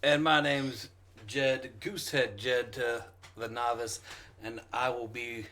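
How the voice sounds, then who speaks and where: A man's voice: medium pitch, fairly even intonation, slow pace, sharp tone. A man acting as game master, opening a casual tabletop session with jokes and loose, rambling talk. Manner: joking, rambling with fillers.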